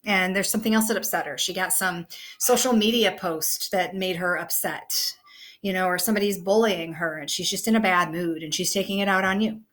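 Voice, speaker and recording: A woman's voice: on the low side, steady tone, brisk, a bit bright. Chatty woman teacher with frequent fillers. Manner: conversational, many fillers like "okay" and "you know". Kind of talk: recorded online lesson.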